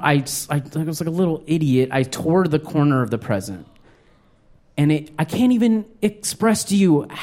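A young man performs stand-up comedy with a high-pitched voice. He tells a story in a lively, self-mocking manner, acting out his younger self.

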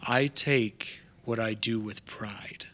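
A man playing a slow, formal crafter figure. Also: fairly low pitch, fairly even intonation, pushed and bright. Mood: measured.

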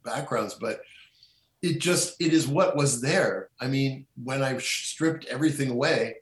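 Middle-aged male guest, rambling and halting delivery, echoey room. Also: medium pitch. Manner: rambling, halting with many restarts and fillers. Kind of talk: casual conversation.

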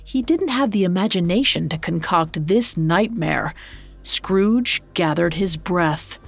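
Slow, low-voiced woman narrator. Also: animated, gravelly, faint music behind. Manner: measured, dramatic storytelling. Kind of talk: scripted storybook narration.

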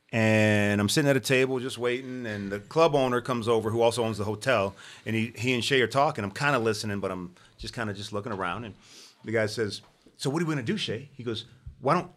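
A man with a bright, forceful voice spins a long story in a relaxed podcast conversation. He slips into the voices of the people he quotes and keeps the tale moving. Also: medium pitch. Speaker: podcast guest. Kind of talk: storytelling in casual chat.

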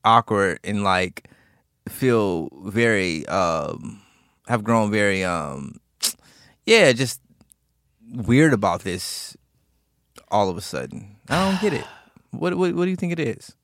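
A man's voice: lowish voice, sing-song, slow pace, long pauses, a bit bright, dry recording, clean studio sound. A man co-hosting a podcast in casual chat, laughing easily and hesitating with ums and restarts. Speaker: podcast co-host.

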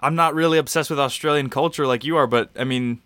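Man doing a sincere easygoing coworker, bright forceful voice, dry close sound. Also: mid-range voice, fast, no echo, lightly acted. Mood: touched. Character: touched, easygoing male coworker at his birthday.

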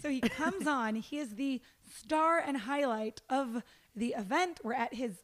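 High-voiced animated woman storyteller. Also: a little slow. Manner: animated storyteller, lots of "like" and "dude". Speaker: red carpet interviewer. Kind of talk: casual podcast chat.

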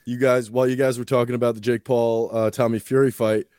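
A man's voice: mid-range voice, level tone, quick pace, mellow, clean tone. A man joining a casual chat as a panel guest, easygoing and wry.

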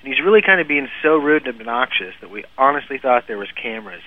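A man's voice: medium pitch, quick pace, no echo. Chatty man telling a story on a tinny line. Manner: animated anecdote-telling, laughs often, frequent restarts. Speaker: guest storyteller. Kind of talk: casual podcast chat. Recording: phone-like lo-fi, dry.

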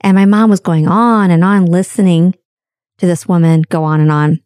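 A woman speaks candidly in a reflective monologue, with a fairly low and mellow voice. Her delivery is dry and close, with no room sound. She stretches key words for emphasis as she tells stories. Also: steady tone, no room sound. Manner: candid, storytelling, drawn-out emphasis.

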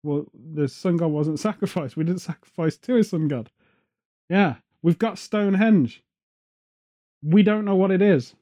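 Wearing headphones at a studio mic, an English man hosts a podcast, drifting through jokes and tangents in relaxed, rambling chat. His high voice comes across warm and mellow rather than sharp, and he never rushes.

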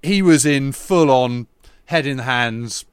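Man, earnest storyteller, mid-pitched voice, dry close sound. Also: takes it slowly, clean tone, no room sound. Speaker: historian and podcast co-host. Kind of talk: conversational anecdote.

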